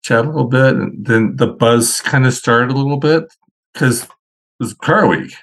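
A man's voice: mid-range voice, normal speed, a bit bright. A man, a guest on a podcast, chatting casually and telling long, rambling anecdotes.

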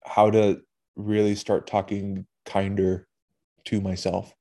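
A man hosting a podcast, talking through his feelings in a halting, candid, emotional way and swearing casually. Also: on the low side, completely flat delivery, dark tone. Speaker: podcast host. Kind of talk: personal reflective monologue.

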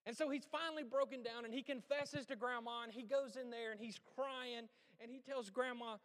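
A man preaching a sermon in a folksy, conversational way, swinging between loud and hushed delivery. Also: extremely high pitch, fairly even intonation, fairly quick, hardly any pauses. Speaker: pastor. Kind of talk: sermon with storytelling. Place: church sanctuary. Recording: long church hall reverb.

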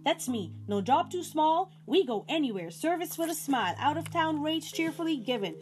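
A woman's voice: sits high, sing-song, normal speed. A woman voicing a chatty male yak taxi driver who rambles on without stopping, in an indignant, self-important way. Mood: rambling.

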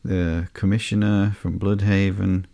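A man hosting a podcast, reading through a comic book in a slow, sleepy, monotone way with soft fillers. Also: low-pitched, creaky, no echo. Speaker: podcast host.

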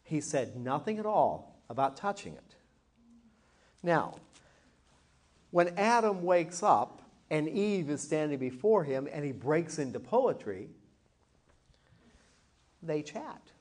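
Slow, animated male Bible teacher. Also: on the high side. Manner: expressive storytelling, slows to dramatize quoted lines. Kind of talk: Bible class lesson with acted scripture reading.

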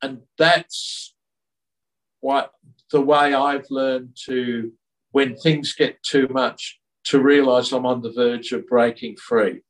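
A man giving an interview in an earnest, reflective tone, often restarting his sentences. His pitch is mid-range. The recording catches him from a little distance. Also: fairly even intonation, takes it slowly. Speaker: interview guest. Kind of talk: reflective conversational storytelling.

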